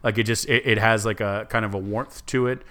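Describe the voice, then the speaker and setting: This young co-host's podcast talk is rambling and casual, full of restarts and "like"s and "um"s. He speaks a little fast with fairly even intonation, in a low-leaning voice that has a fairly bright tone.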